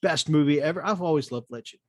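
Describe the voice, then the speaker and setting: A man's voice: fairly high pitch, quick pace, no echo, clean studio sound. A man hosting a casual livestream chat, rambling and hesitant as he talks. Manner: rambling, many fillers and restarts. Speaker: host.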